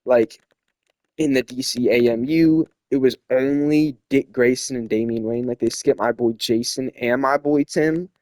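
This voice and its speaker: A man's voice: medium pitch, steady tone, unhurried, a little mellow, no room sound. A young man hosting a casual opinion chat, rambling and opinionated with lots of fillers. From not from South America. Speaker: host.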